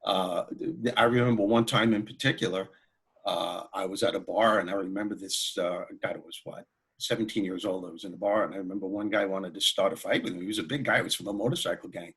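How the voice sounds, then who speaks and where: A man who is a comedian and motivational speaker, telling anecdotes as a guest in an interview in an animated way. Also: sits low, fast talker, husky. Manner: animated, anecdotal, laughs while telling stories. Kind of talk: storytelling in an interview.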